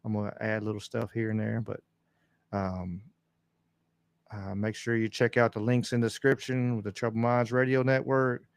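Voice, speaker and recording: A man hosts his own podcast livestream, chatting loosely to his viewers. His voice sits low with a gravelly fry, and he rambles along in an easygoing way with plenty of fillers. The sound is close and dry, from a desk mic at home. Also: level tone, moderate pace, no room sound. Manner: rambling and laid-back, many fillers. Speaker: podcast host. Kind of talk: casual livestream chat. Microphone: desk mic on a stand.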